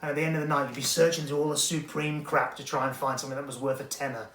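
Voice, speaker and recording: A man's voice: a little high, steady tone, rapid-fire, fairly bright tone. A man hosting a weekly magic product review in a rambling, digressive, self-deprecating manner. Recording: echoey room.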